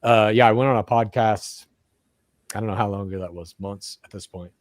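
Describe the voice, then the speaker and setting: Young male podcast co-host, relaxed and profane, dry close mic. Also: lowish voice, fairly quick, no room sound. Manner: loose, swearing, jokey asides. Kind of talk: casual chat reading viewer comments.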